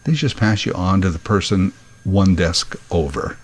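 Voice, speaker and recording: A man, hosting a podcast and delivering a wry, deadpan comic monologue. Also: low voice, moderate pace. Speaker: podcast host. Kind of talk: comedic storytelling monologue.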